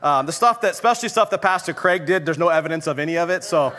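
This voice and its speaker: A young adult male pastor telling a story in a sermon, animated and often laughing at his own anecdote. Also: on the high side, fast talker, a little hiss or hum.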